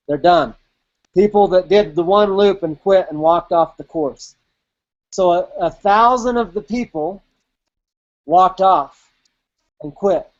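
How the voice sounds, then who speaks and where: A man's voice: high-pitched, highs cut off. A man telling a personal race story in a casual, vivid way, with swearing and quoted inner thoughts. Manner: vivid, profane, replays his own inner voice. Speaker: podcast host.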